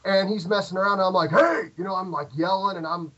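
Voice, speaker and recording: A middle-aged American man, a guest on a podcast, tells a casual, rambling story at a fast clip, animated and full of fillers and restarts. His voice sits a little high for a man, and the remote call audio sounds dull and lo-fi.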